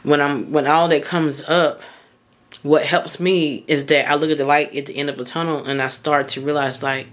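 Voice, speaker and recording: A woman's voice: deep voice, steady tone, normal speed. Chatty woman giving mindset advice. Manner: conversational, loose phrasing with many fillers; candid, personal storytelling. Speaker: podcast host and mindset coach. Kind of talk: casual motivational monologue.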